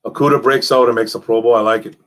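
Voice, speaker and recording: A young man hosting a casual live stream, reading chat messages and talking football in a lively, repetitive way, calling people man and bro. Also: medium pitch, fast talker. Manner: animated, repeats himself, calls people man and bro.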